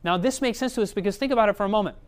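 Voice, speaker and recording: Smooth-voiced male preacher. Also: high-pitched, rapid-fire. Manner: conversational, checks in with the audience often. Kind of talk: sermon.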